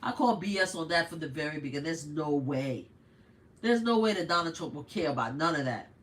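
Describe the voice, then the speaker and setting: Hosting a live stream, this older New Yorker from the United States offers blunt, lively political commentary heavy on rhetorical questions. She speaks briskly, and her voice sits low.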